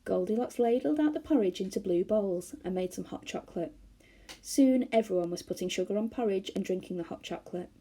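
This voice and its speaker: A woman reading a children's novel aloud to schoolchildren, expressive and animated. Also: medium pitch, brisk, breathy edge. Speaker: storyteller for schoolchildren.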